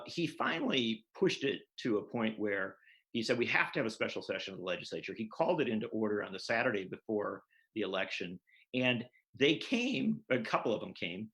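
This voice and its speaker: A man's voice: fairly low pitch, expressive, a little fast, fairly bright tone, poor audio. A man, a political journalist, explaining at length and earnestly as a guest in an interview over a video call.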